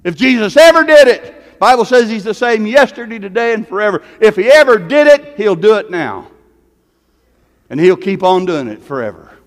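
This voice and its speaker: High-voiced man preaching in a big echoing hall. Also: lively intonation, normal speed. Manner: preachy, repetitive, swings from loud to hushed. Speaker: pastor. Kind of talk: sermon. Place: church sanctuary. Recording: long reverb of a large hall.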